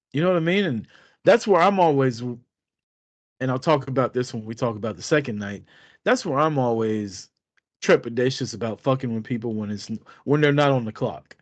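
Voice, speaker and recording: A man co-hosting a podcast tells a rambling, profane story during casual chat. His voice is medium-pitched at a normal speed, with no echo.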